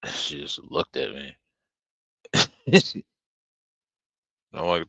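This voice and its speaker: A man's voice: extremely low pitch, slow, long pauses, sharp tone, no echo. A man streaming, telling rambling stories with lots of swearing and fillers. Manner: profane, rambling, with many fillers. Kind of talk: casual storytelling chat.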